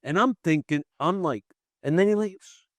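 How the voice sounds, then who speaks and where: A man appearing as a podcast guest tells a personal story in conversation, his voice sitting high with no room sound. He halts and repeats himself as he restarts phrases, animatedly acting out the voices he quotes.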